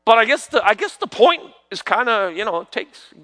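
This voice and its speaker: A middle-aged man preaching a sermon, swinging from hushed asides to loud proclamations and asking the congregation questions. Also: sits high, big pitch swings, moderate pace. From New York. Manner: peppers talk with rhetorical questions to the congregation.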